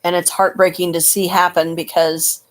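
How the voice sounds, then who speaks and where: A woman's voice: on the low side, flat delivery, normal speed. Chatty, giggly woman with crude humor. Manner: chatty, laughs often, crude jokes, folksy slang. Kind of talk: rambling casual vlog monologue. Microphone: computer webcam.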